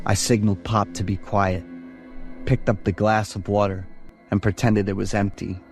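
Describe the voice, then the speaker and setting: Low-voiced man narrating a horror story. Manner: steady first-person storytelling.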